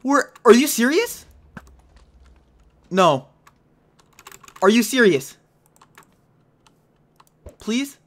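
A man hosting a video game let's play, chatting to viewers and breaking into panicky yelling when things go wrong, speaking into a headset mic. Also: very high voice, very slow, pauses often. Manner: excitable, panicky yelling under pressure. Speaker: gaming channel host.

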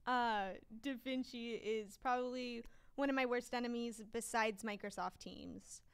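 A woman co-hosting a podcast in casual chat, chatty and quick to laugh, with lots of fillers. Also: on the high side, steady tone, clean tone. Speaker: podcast co-host.

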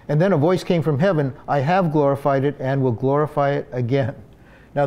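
A man's voice: medium pitch, mellow. A man preaching a sermon as pastor, in a conversational way with frequent fillers and restarts.

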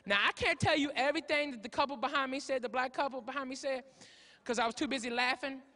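High-voiced male comedian, loud and profane. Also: quick pace. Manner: loud, profane, storytelling with shouts. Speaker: stand-up comedian. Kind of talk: stand-up comedy set. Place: comedy club stage. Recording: live club with audience noise.

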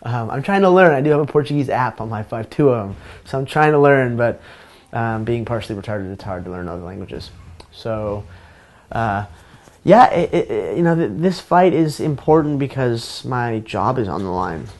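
A man's voice: medium pitch, animated, normal speed, a little mellow. A man speaking as a professional fighter in a casual pre-fight interview, candid and self-deprecating, rambling with frequent restarts.

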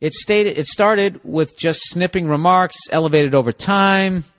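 A man hosting a podcast, reading out a listener's letter and giving comedic advice in a blunt, profane rant that rises into loud, emphatic outbursts. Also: sits high, a little slow, no echo. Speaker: podcast host.

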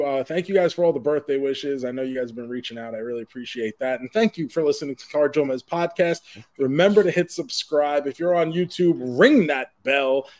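A man's voice: fairly high pitch, darkish tone. A man co-hosting a casual podcast, joking around easily and reading out the show's closing plugs. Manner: easygoing, joking, wraps up the show with plugs. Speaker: podcast co-host. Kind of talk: casual chat.

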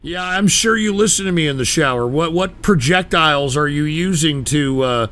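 A man's voice: on the high side, moderate pace, fairly bright tone. A man hosting a crude call-in show, swearing and insulting his callers with exasperation. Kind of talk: crude call-in radio parody.

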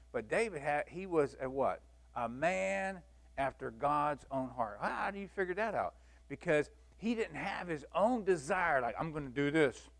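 A man with a drawl leads a church Bible lesson, folksy and animated as he acts out the stories. His voice sits slightly high for a man. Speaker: Sunday school teacher.

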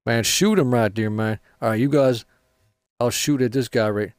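A man's voice: medium pitch, steady tone, normal speed, a little mellow, smooth, no room sound, clean studio sound. A man giving casual, rambling commentary over a military shooter game, swearing often and ending nearly every line with "man". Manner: rambling, swears a lot, ends lines with "man". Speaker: gaming channel host.

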